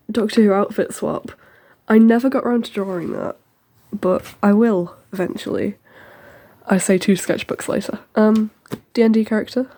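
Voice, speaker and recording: Here a teen girl hosts a tour of her sketchbook, narrating in an easygoing, meandering way. The tone is warm and mellow, with a pitch typical of someone her age. Plenty of ums and brief side remarks pepper her chatty commentary as she goes.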